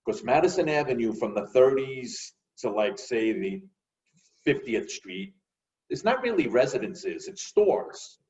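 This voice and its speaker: A man telling lively stories in a casual conversation. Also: medium pitch, measured pace, far from the mic, lo-fi sound. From New York. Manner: animated, acts out voices in his stories. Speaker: guest.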